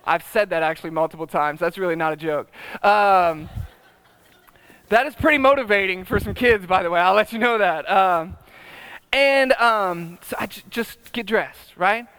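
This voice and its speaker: A man's voice: sits high, normal speed, sharp tone, clean tone, no echo. A middle-aged man preaching a sermon, chatty and humorous, often checking in with the congregation. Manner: conversational, tag questions, humorous asides. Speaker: pastor.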